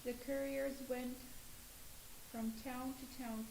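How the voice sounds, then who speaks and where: A woman's voice: high voice, level tone, slow pace, gravelly. Woman reading scripture over hiss. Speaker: group member reading scripture. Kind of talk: reading aloud. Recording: echoey room with hiss.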